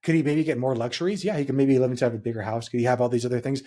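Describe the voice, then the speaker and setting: Young male podcast co-host from Hawaii, husky and dark-toned, reflective and earnest. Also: medium pitch, fairly even intonation, rapid-fire. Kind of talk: casual podcast chat.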